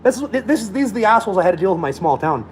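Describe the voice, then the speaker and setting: Brief: blunt, combative guy on a profane rant, slightly high voice, faint noise behind. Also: sing-song, very fast, rough recording. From Alberta, Canada.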